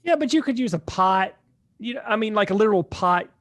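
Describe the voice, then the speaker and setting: A man with a high, swooping voice trades blunt, profane jabs in podcast banter. He says what he thinks without softening it. The mic is close and dry. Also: lively intonation, a little fast, no echo. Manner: blunt, swears freely. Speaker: podcast co-host. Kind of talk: casual chat.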